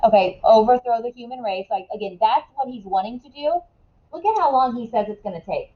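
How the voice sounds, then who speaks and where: A woman's voice: on the high side, lively intonation. Casual woman teacher, muffled classroom recording. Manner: casual, asks many quick questions, frequent "right?". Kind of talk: classroom lesson, questioning students.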